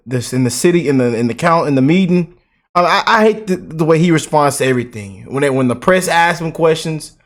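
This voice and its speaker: A man talks back to video clips in a loose, rambling commentary. His voice sits a little high. He gets worked up, stumbles and repeats words as he goes. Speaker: commentary channel host. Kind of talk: casual reaction commentary.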